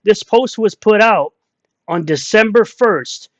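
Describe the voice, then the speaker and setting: A man's voice: high-pitched, slow, no echo, dull audio. A man giving ranting online commentary in a combative, mocking way, repeating insults as he reads out comments.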